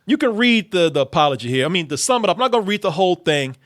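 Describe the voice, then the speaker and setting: A man talks in a casual commentary chat, emphatic and circling back on his words. His voice sits a little high, and the studio mic is close and dry. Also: big pitch swings, rapid-fire, fairly bright tone, dry recording. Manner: emphatic, rambling with restarts. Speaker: show host.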